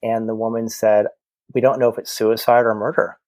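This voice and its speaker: A man's voice: fairly low pitch, a little fast, dry recording. A man who works as a medium, chatting as a podcast guest and telling stories animatedly, acting out the conversations. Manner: animated, acts out quoted exchanges, many restarts. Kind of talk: casual storytelling chat.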